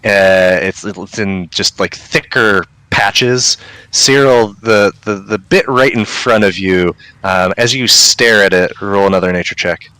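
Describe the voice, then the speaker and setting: Man, game master, bright forceful voice, low pitch, dry sound, halting narration. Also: clear, resonant tone, dry recording. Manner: hesitant, filler-heavy narration. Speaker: dungeon master.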